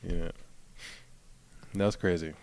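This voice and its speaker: A man's voice: low-pitched, fairly even intonation, extremely slow, vocal fry, a little mellow. A man from Philadelphia with a local accent, co-hosting a podcast in casual chat. He recaps scenes in a laid-back way. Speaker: podcast co-host.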